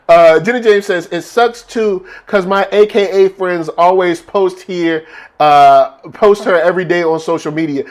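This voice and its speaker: A man co-hosting a loose, casual chat, his voice swooping up and down as he laughs through viewer shout-outs. His delivery is slangy and animated, never settling into a flat tone. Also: sits high, unhurried. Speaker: podcast co-host.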